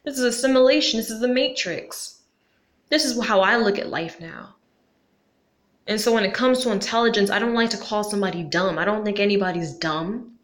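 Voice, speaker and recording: A woman's voice: mid-range voice, brisk. Slangy young woman in a roomy echo. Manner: casual and slangy, questioning, with frequent "like" and some cursing. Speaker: vlogger. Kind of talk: casual talk to camera.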